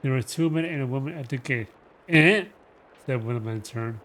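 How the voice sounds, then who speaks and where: Man dramatically reading a novel aloud. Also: mid-range voice. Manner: dramatic, slow with shifting emphasis. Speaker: reader.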